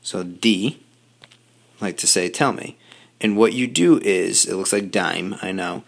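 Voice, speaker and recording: Low gravelly-voiced male teacher explaining patiently. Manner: patient, explaining step by step with quick asides. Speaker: high school Spanish teacher. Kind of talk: recorded video lesson.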